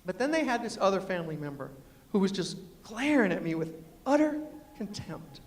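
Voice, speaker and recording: High-voiced man telling a story in a hall. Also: very animated, fairly quick. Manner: acts out quotes, punchy and emphatic. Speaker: storyteller and motivational speaker. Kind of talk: humorous storytelling speech. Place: university lecture hall. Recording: echoey hall, long reverb.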